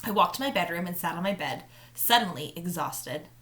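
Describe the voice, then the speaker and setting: A woman's voice: fairly low pitch, brisk. A woman teacher reading a children's novel aloud to her students in first-person narration. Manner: warm, friendly greeting, then steady narration. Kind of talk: read-aloud storytelling for students.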